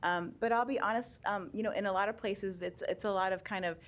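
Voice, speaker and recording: A woman's voice: medium pitch, steady tone, brisk. A woman giving a chatty talk on special education law at a public meeting, laughing often and using many ums.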